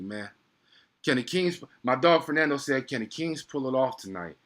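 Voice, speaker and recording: Young male streamer, bright forceful voice, slangy and excitable play-by-play caller. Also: medium pitch, moderate pace. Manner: excitable, slangy, chatty with viewers. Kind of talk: casual live play-by-play commentary.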